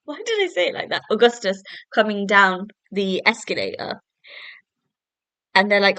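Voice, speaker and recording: A woman's voice: mid-range voice, expressive, moderate pace, bright, forceful tone, no room sound. A young woman hosting a solo podcast at home, casually reviewing a TV episode in a chatty way, full of fillers and self-corrections. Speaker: podcast host.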